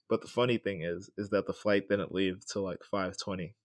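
A man's voice: deep voice, steady tone, moderate pace, no echo. A young man hosting a solo podcast, telling a personal story in a loose, chatty way and often checking in with the listener. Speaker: podcast host.

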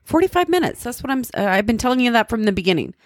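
A woman's voice: on the high side, very fast, dry recording. A woman co-hosting a podcast, giving brief, dry, teasing replies. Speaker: podcast co-host. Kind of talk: casual chat.

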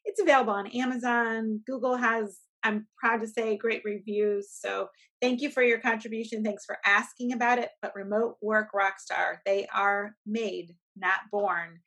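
A woman's voice: mid-range voice, fairly even intonation, normal speed, fairly bright tone. A woman co-hosting a podcast as a coach, talking in an earnest, encouraging way and often repeating words. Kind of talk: casual podcast chat.

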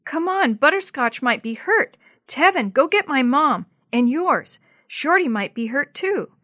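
A woman voicing a young girl who shouts and calls out in a high, strained voice while searching for her lost cat. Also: animated, normal speed, no echo, studio quality. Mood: frantic. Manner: cries out high and loud.

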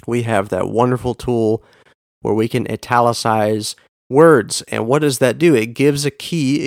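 A man's voice: medium pitch, no room sound, clean studio sound. A man hosting a podcast episode, teaching earnestly and leaning hard on key words for emphasis. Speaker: podcast host teaching on Bible reading. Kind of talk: scripted teaching monologue.

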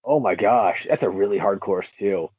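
A man chatting casually about running marathons, telling stories with lively energy and acting out the voices of people he met. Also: fairly low pitch, moderate pace, breathy edge, no echo. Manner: animated storyteller, acts out quoted voices. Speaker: marathon runner guest. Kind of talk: casual chat. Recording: tinny phone-like line.

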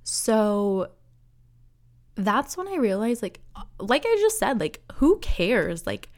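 Young woman, podcast host, casual solo chat, rambling, laughs a lot, everyday pitch. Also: very animated, takes it slowly, darkish tone. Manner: chatty, rambling, laughs often, many fillers.

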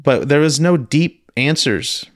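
A man hosting a personal storytelling podcast, talking in a halting, earnest way with many restarts and repeated words. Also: fairly high pitch, dry recording, clean studio sound. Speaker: podcast host.

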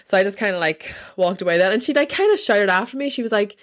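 A woman's voice: mid-range voice, expressive, fast. A woman who is a mother of a toddler, telling a story in casual chat. She talks in a rambling, filler-heavy way and laughs often. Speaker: podcast co-host, mother of a toddler.

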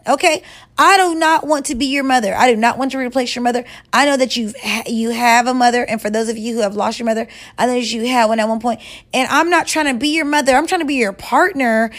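A woman vlogger giving relationship advice in a blunt, profane, scolding rant, stretching words and jumping up in pitch for emphasis. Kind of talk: casual rant to camera.

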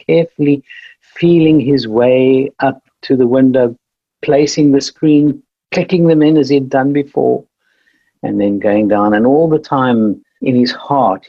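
A man giving an earnest devotional talk with a story and a slow closing prayer over webinar audio. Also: mid-range voice, gravelly, husky, no room sound, lo-fi sound.

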